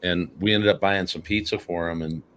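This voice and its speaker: A man hosting a casual talk show, speaking earnestly and haltingly with many fillers. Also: deep voice, steady tone, fairly bright tone, slight background noise. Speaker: podcast host.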